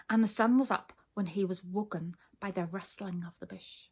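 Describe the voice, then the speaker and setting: A woman reading a children's storybook aloud, expressive, pausing to ask her listeners questions. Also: mid-range voice, husky.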